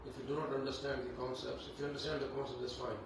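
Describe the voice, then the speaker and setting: A man leading a devotional scripture class, talking in an unhurried, conversational way with many fillers. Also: medium pitch, little pitch movement, gravelly. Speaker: Bhagavatam class teacher. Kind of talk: devotional class talk with Sanskrit chanting. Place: temple hall. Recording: echoey hall, distant mic, background noise.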